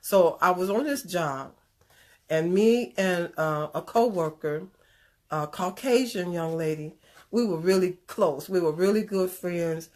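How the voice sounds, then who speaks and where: A woman with a slightly low voice tells a personal story in a relaxed, conversational way. She is animated and earnest and slips into preachy asides now and then. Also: measured pace. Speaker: speaker sharing a personal story. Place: Chicago area.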